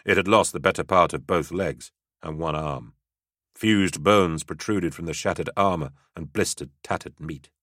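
Male audiobook narrator, very deep voice, forceful, dry close sound, steady dramatic reading. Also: normal speed, dry recording.

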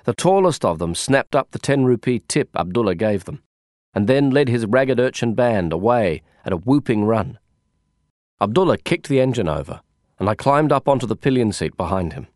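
A man's voice: mid-range voice, animated, normal speed, darkish tone. A man reads a first-person novel in a wry, descriptive way, his voice moving freely up and down through each sentence. The recording is close and dry from a studio microphone, with no room echo. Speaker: audiobook narrator. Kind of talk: first-person audiobook narration.

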